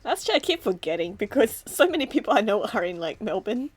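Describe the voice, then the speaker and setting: A woman's voice: mid-range voice, big pitch swings, fast talker, breathy edge. A woman chatting casually on a live stream while she draws, laughing constantly between remarks.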